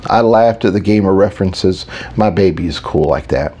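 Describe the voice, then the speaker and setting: A man's voice: sits low, normal speed, few pauses, dark tone, husky. A man narrating a first-person audiobook in an intimate, reflective storytelling manner.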